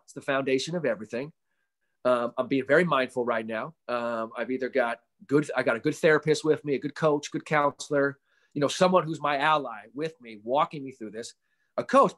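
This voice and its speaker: A man who coaches mental performance, a guest on a casual podcast interview over a video call. He tells stories with animated energy, swears casually and acts out the voices of people he quotes. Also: mid-range voice, brisk.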